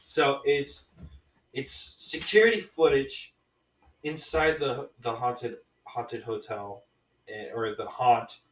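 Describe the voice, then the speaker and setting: A man recapping a horror movie in a loose, rambling way, full of restarts and "man." His voice sits at an ordinary pitch. The room is echoey and he is a little distant from the mic. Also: steady tone, slow pace. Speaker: podcast co-host reviewing movies.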